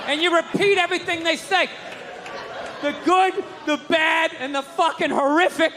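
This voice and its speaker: A man doing a stand-up comedy set on stage, ranting loudly and cursing freely into a handheld microphone. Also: extremely high pitch, moderate pace, in a large hall, crowd noise, noisy background. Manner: loud, ranting, profane. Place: stage before a live audience. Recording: live comedy club with audience.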